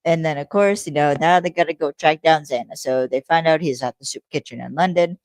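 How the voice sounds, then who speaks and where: A woman with a low, deep voice hosts a laid-back solo podcast, rambling through her thoughts with plenty of fillers and casual swearing. Her voice sounds dry and close, with no room echo. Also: brisk, darkish tone. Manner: rambling, profane, lots of "like" fillers. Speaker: podcast host.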